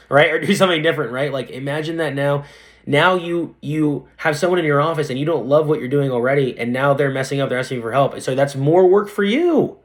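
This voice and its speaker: A man's voice: mid-range voice, fast talker. A young man, a dentist guest on a podcast, chatting casually and animatedly, full of slang. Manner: animated, slangy, says dude a lot. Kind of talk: casual interview chat.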